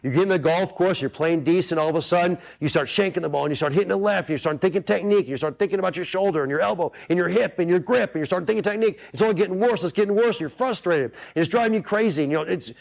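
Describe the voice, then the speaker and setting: An earnest golf instructor hosting a webinar speaks very fast in a fairly high voice with vocal fry, barely pausing. His casual coaching is repetitive, and he talks directly to the audience with plenty of asides.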